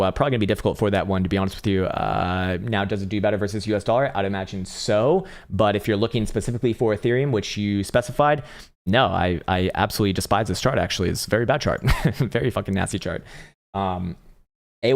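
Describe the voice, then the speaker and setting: Blunt, profane male stream host. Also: lowish voice. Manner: blunt, profane, laughs between points. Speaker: livestream trading host. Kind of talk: casual live market commentary.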